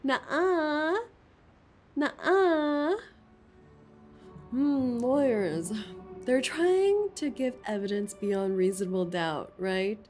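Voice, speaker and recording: A woman's voice: medium pitch, lively intonation, takes it slowly, mellow. A woman streamer giving playful, slangy commentary while playing a game. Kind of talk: casual game playthrough commentary. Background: game music.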